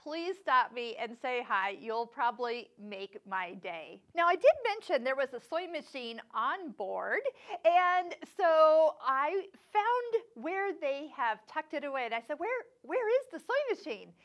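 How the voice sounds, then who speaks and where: A woman hosting a sewing channel tells her viewers a travel story in a casual vlog. Her voice sits high and moves animatedly, and she laughs easily and slips into the voices of people she met. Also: animated, measured pace, fairly bright tone. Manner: chatty, laughs often, acts out quoted voices.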